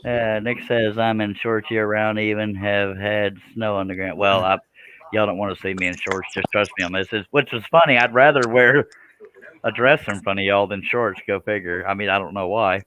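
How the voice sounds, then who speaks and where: A man's voice: on the low side, steady tone, normal speed, fairly bright tone, clear, resonant tone, poor audio. A man hosts a casual scroll saw livestream, folksy and self-deprecating, laughing often. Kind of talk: casual chat.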